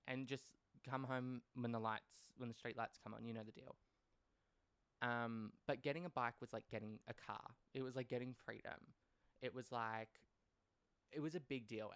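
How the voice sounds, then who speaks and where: The host is a young man with a creaky, mid-range voice, fairly bright and clear with a resonant tone, and no echo. On his casual storytelling podcast he's blunt and foul-mouthed, wry and digressive, often trailing off into asides.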